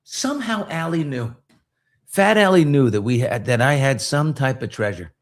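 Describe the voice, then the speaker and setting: A man's voice: medium pitch, moderate pace. A middle-aged man, a podcast host, telling a story in casual chat and acting out voices in it. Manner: animated, acts out voices in his stories.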